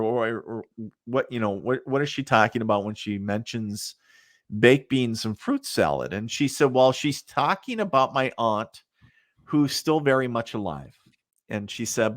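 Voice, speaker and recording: A man's voice: mid-range voice, fairly bright tone, no echo, studio quality. A middle-aged man, a psychic medium, chatting as a podcast guest and telling rambling stories full of fillers. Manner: rambling, many fillers, laughs at his own stories. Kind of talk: casual storytelling in a podcast interview.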